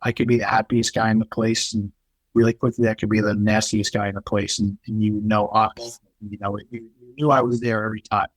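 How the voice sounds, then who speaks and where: A middle-aged man, a podcast guest telling his life story in a candid, animated way, acting out the people he quotes. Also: fairly low pitch, fairly quick, no room sound, rough recording. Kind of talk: casual storytelling.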